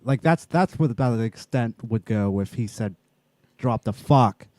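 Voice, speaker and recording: A man's voice: mid-range voice, normal speed, no room sound. A man co-hosting a podcast, ranting with heavy swearing and laughter in a casual chat. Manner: animated, profane, ranting. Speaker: podcast co-host.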